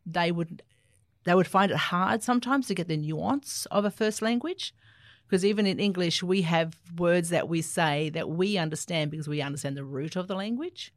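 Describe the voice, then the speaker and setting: Low-voiced Australian woman explaining warmly. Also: moderate pace, no room sound, studio quality. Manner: animated, explanatory, laughs easily. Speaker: Auslan interpreter. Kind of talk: conversational interview answers.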